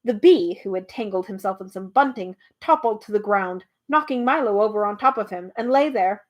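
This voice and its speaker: A woman's voice: mid-range voice, animated, normal speed, few pauses. A woman hosting a live read-aloud, narrating a storybook with animation and chatting casually with viewers; her voice is a little tired. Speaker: host reading a book aloud.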